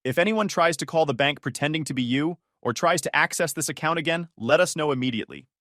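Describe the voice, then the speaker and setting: A man's voice: a little high, quick pace, fairly bright tone, dry recording, clean studio sound, voice pushed up, natural voice. A man voicing a polite, businesslike female bank clerk giving a warning. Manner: businesslike, cautionary.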